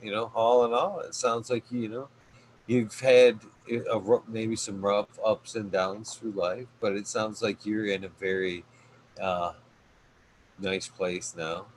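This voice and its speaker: A man's voice: lowish voice, little pitch movement, takes it slowly, slight background noise, poor audio. A man hosting a casual podcast, rambling with lots of fillers as he thanks his guest. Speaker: podcast host.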